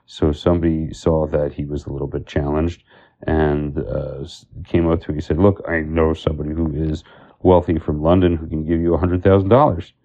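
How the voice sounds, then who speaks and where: Very deep, gravelly-voiced man telling stories. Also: flat delivery, fairly quick, dark tone, highs cut off. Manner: storytelling with many fillers and Hebrew terms. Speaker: Torah teacher. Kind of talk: informal Torah talk with stories.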